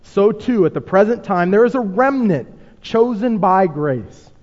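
A man preaching with a high, swooping voice, acting out quotes with drama and turning often to rhetorical questions. His voice carries a long hall reverb and sounds slightly muffled. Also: expressive, a little slow, darkish tone. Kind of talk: sermon.

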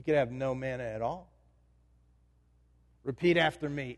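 A man's voice: medium pitch, normal speed, long pauses. A male pastor preaching a sermon in a conversational way, often putting questions to the congregation. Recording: reverberant hall.

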